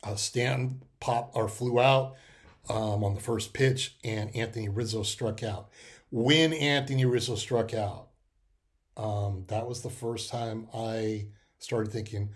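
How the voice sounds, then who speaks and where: A man's voice: lowish voice, steady tone, slow pace. A middle-aged man, hosting a podcast and telling a rambling, emotional personal story full of restarts and fillers. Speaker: podcast host. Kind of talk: casual personal monologue.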